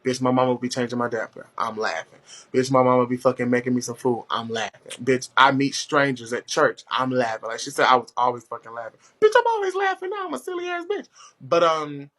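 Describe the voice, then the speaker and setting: A man hosting a casual chat, telling stories in a loud, profane, animated way with big jumps in pitch. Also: a little fast. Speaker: host.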